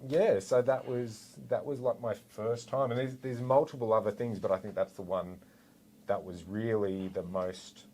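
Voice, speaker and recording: A man's voice: fairly low pitch, moderate pace, a little hiss or hum, poor audio. An Australian man, a former police officer, telling a story in casual chat and acting out what people said. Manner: animated, acts out quotes.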